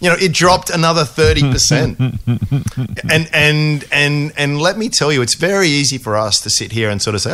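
A man's voice: on the high side, animated, normal speed, pushed and bright. A man, co-hosting an investing podcast, restarting his sentences often and poking fun at himself. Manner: hesitant, many restarts, self-deprecating. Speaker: podcast co-host. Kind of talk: casual investing podcast chat.

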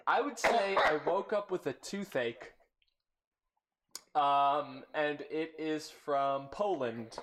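A man's voice: a little high, slow pace, a bit bright. A man chatting casually while playing a slang guessing game, joking around and slipping into silly mock accents. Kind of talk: casual chat.

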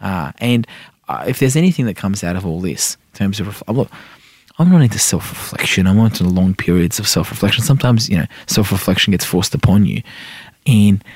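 Casting: middle-aged Aussie male guest, rapid rambler, lowish voice, dry studio sound. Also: expressive, darkish tone, breathy edge, no echo. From Iran. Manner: rapid, rambling, heavy fillers, asks "right?" often. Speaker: senator and podcast guest. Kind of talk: casual interview chat.

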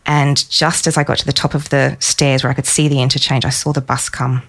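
Low, gravelly-voiced woman telling a story. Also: flat delivery, a little fast, few pauses. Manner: warm storytelling, emotional in places. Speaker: guest, psychologist. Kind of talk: personal story in podcast conversation.

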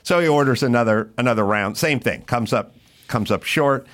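A man telling a story in casual podcast chat, animated and profane, acting out what he said in the moment. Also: medium pitch, moderate pace. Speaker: comedian guest.

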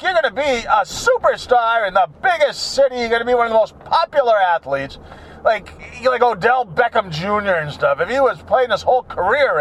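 A man's voice: sits high, fairly bright tone. A man talking in a casual, rambling, jokey monologue as a vlogger.

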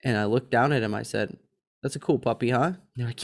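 A man in his thirties co-hosting a podcast, telling a story in a lively, chatty way and mimicking other people's voices. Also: mid-range voice, fast, creaky. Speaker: podcast co-host. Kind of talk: casual chat.

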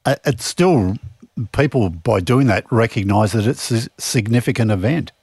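A man co-hosting a casual radio chat in a measured, hedging way. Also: mid-range voice, a little mellow, slightly rough, dry recording, studio quality. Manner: measured, hedging with "I think" and "I mean". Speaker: co-host.

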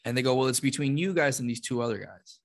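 A middle-aged man, speaking at an ordinary pitch for a man. He is a comedian and podcast co-host telling stories as a guest. He laughs easily and acts out the people in his anecdotes. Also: quick pace. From Puerto Rico. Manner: animated storyteller who acts out other people and laughs often. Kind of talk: casual chat, guest storytelling.

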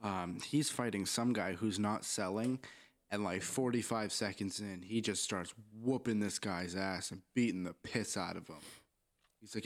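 A young man with a low voice talks loosely on a podcast, rambling and swearing through jokes. His talk is unscripted casual chat with a co-host. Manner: rambling, profane, joking.

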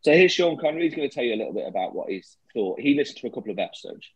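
A man co-hosting a podcast, joking and chatting casually with quick asides. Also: medium pitch, sing-song, slight background noise. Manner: jokey, laughing, quick asides. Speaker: podcast co-host. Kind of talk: casual comedic chat. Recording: slightly lo-fi dry recording.

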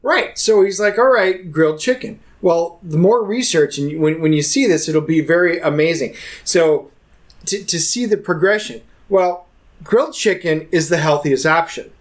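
A man's voice: a little high, normal speed. A man co-hosting a podcast, casually retelling a documentary and acting out the people in it with lots of restarts. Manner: animated storyteller, quotes people in voices, many restarts. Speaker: podcast co-host. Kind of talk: casual chat, retelling a film.

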